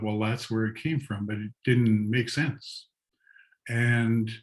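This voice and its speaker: An older man telling stories slowly and reflectively on a video call, with soft laughs. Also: fairly low pitch, poor audio. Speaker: guest artist and storyteller. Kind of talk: storytelling talk.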